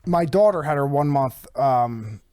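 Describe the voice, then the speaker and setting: A man hosting a podcast, telling a story in casual chat, animated and profane with lots of fillers. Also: mid-range voice, a little slow, clean tone, no echo, clean studio sound. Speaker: podcast host.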